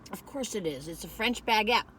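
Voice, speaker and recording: A woman's voice: mid-range voice, lively intonation, brisk, a bit bright, slight background noise. An older woman, rambling in a folksy, chatty way as she reviews food on a phone camera in a parked car.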